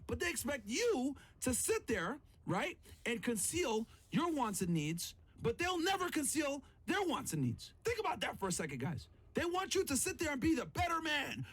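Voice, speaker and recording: A podcast host reacting to a clip, his voice sitting unusually high for a man. He talks in a heated, profane rant. He keeps hammering the same catchphrases for emphasis. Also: fairly bright tone. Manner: emphatic, repeats phrases. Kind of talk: reaction commentary.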